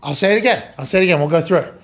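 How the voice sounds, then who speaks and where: A man hosting a sports talk show in casual chat, loud and hyped, laughing a lot. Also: a little high, rapid-fire, background noise. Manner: loud, hype, lots of laughing. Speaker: podcast host.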